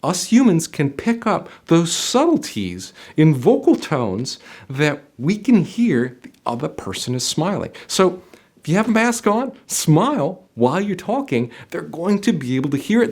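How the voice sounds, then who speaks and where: Middle-aged male interview coach, lively pitch swings, emphatic and motivational to camera. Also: normal speed. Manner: emphatic, motivational, addresses viewer directly. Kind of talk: direct-to-camera coaching video.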